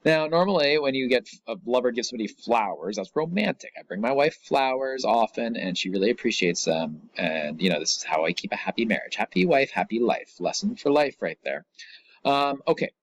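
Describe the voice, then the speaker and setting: A man's voice: mid-range voice, sing-song, a little fast, no room sound. A middle-aged man teaching a recorded lesson, explaining a poem in a casual, chatty way with asides.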